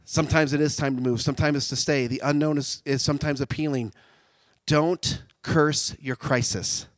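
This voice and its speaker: A man preaching a sermon, animated, swinging from loud shouts down to quiet, intimate tones. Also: fairly high pitch, quick pace, no room sound.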